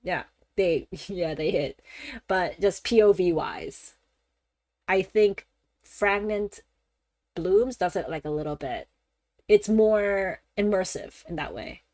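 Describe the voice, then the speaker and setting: A woman streamer chatting casually during a game, rambling and animated, laughing often and swearing freely. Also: on the low side, slow, pauses often, no echo. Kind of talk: casual gaming-stream chat.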